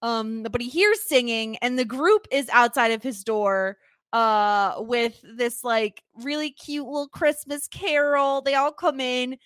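A woman co-hosting a podcast, chatting excitedly and giggling as she recaps a TV episode. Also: a little high, unhurried, clear, resonant tone, no echo, clean studio sound. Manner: excitable, giggly, quotes lines and hums tunes. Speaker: podcast co-host. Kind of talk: casual chat recapping a TV episode.

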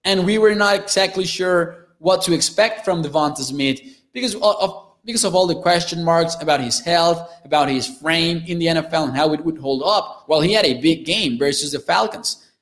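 A young man from northern Mexico with a Mexican accent, hosting a live sports talk show, reading chat comments and often repeating words as he talks. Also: fairly high pitch. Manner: quick, restarts and repeats words, animated. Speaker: sports podcast host.

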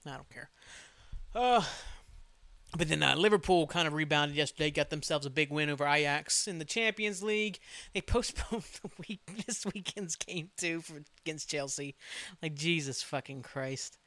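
A man's voice: on the high side, normal speed, a bit bright, no echo. A man hosting a solo podcast, rambling casually, swearing freely and poking fun at himself. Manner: rambling, profane, self-mocking. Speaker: podcast host.

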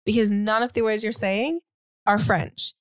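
A woman's voice: medium pitch, steady tone, unhurried, no room sound. A woman co-hosting a casual podcast, joking and skeptical in a rambling way. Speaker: podcast co-host.

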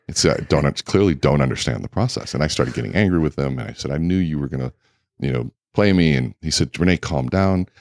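A man guest in a casual interview, telling lively anecdotes full of quoted dialogue. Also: rumbling low, quick pace, creaky, no echo, clean studio sound. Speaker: keynote speaker and guest.

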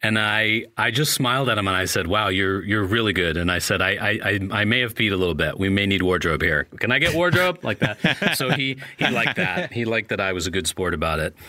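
A man's voice: lowish voice, fairly quick, few pauses, sharp tone, dry recording. A man, an actor guest, telling a wry anecdote full of quoted dialogue.

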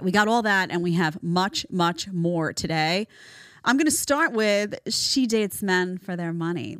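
A woman host delivers reaction commentary in a fairly low voice, pressing her points and repeating phrases for weight. The sound is close and dry, with no room around it. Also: fairly bright tone, no echo. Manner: emphatic, repeats phrases for stress. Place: studio in Florida.

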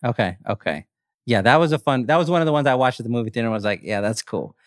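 A man co-hosting a podcast, chatting casually about horror movies, animated, swearing and laughing often. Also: mid-range voice, quick pace, no room sound, clean studio sound. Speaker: podcast co-host. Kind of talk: casual chat.

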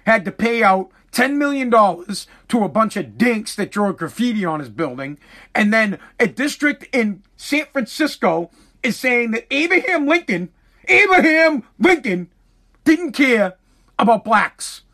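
A man's voice: high-pitched, expressive, unhurried, fairly bright tone. Profane, exasperated ranting man. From Massachusetts. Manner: profane, exasperated, stumbling restarts. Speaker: commentator. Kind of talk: casual ranting monologue.

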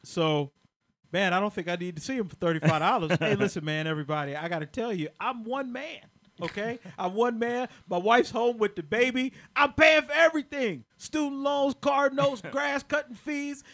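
A man telling a comic story in a podcast chat, laughing, swearing and acting out other people's voices. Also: normal speed. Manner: loud laughing delivery with sudden pitch jumps. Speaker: comedian guest.

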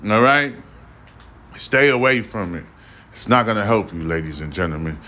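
A man's voice: deep voice, animated, brisk, sharp tone. A middle-aged man hosting a casual news commentary podcast, rambling, blunt and profane as he lectures his listeners. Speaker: podcast host.

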